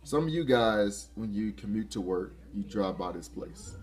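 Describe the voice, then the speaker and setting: A man giving a casual motivational talk to camera, excitable, laughing often and restarting his phrases. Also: fairly low pitch, normal speed. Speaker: motivational vlogger.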